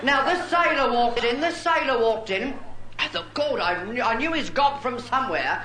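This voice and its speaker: Brief: a man playing a brassy, chatty old showgirl, high voice, roomy club with crowd noise. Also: animated, moderate pace, pushed and bright, exaggerated voice. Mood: bawdy. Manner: bawdy, chatty, camp asides. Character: brassy bawdy aging showgirl, Lil. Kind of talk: stand-up drag comedy.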